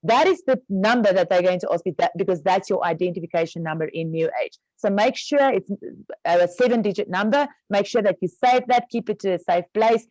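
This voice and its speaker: A woman's voice: mid-range voice, brisk, a little mellow, no echo, highs cut off. A woman explaining business terms step by step on an online training call, casual with many fillers. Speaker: network marketing trainer.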